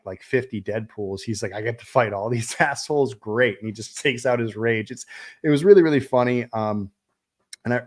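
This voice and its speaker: A man's voice: on the low side, a little mellow. A man hosting a live stream, chatting casually about a film, rambling with many fillers and restarts. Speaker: livestream host reviewing a film. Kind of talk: casual livestream chat.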